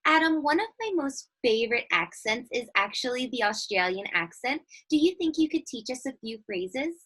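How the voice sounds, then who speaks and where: A woman's voice: a little high, animated, moderate pace, a bit bright, husky. A woman hosting a kids' interview, cheerful and encouraging like a teacher. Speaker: host, teacher.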